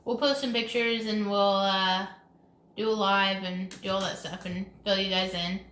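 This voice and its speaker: A woman's voice: mid-range voice, fairly even intonation, normal speed, a bit bright, a little hiss or hum. A woman co-hosting a casual live stream, chatty and giggly, rambling from topic to topic. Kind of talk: casual chat. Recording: echoey room.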